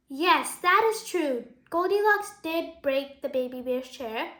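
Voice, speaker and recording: A woman's voice: sits high, animated, a little slow, few pauses, fairly bright tone. A woman reading a picture book aloud to children, casually explaining the pictures and asking questions. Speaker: children's story reader. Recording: echoey room.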